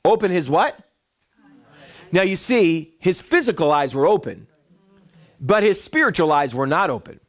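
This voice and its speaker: Animated preacher with a lively high voice. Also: male voice, moderate pace, pauses often. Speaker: pastor. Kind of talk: sermon. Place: church before a congregation.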